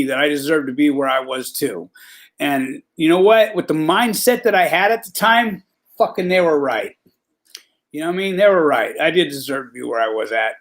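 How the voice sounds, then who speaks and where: A man hosting his own stream rambles through prison stories, swearing freely and packing his talk with street slang and fillers. His voice has a gravelly, fried texture. It also sits a little higher than most men's. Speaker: vlog host telling prison stories. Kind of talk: rambling live-stream storytelling.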